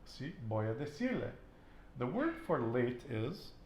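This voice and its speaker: A man's voice: medium pitch, very animated, unhurried, darkish tone, echoey room, a little hiss or hum. A man teaching a casual language lesson, patiently asking questions and repeating his student's answers with encouragement. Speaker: Spanish teacher.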